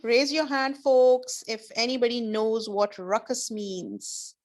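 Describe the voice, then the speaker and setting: A woman's voice: on the high side, fairly even intonation, takes it slowly. A woman teaching an online class over a video call, explaining words patiently with examples and encouraging her students.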